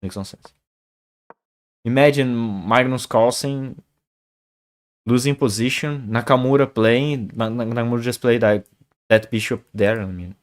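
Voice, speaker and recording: A man's voice: medium pitch, a little slow, pauses often. Man in his forties, casual chess streamer, rambles and repeats himself. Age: 40s. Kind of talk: casual live-stream chat.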